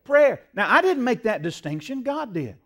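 A man preaching a sermon, emphatic and rising to loud peaks when quoting scripture, often asking the congregation to call out the next word. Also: extremely high pitch, sing-song, normal speed. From United States. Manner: asks the congregation to fill in words.

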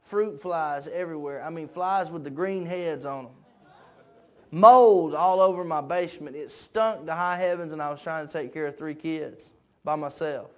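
A man preaching a sermon, moving from quiet conversational talk up to shouted peaks, repeating phrases in a preacher's cadence. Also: a little high, moderate pace. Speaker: pastor.

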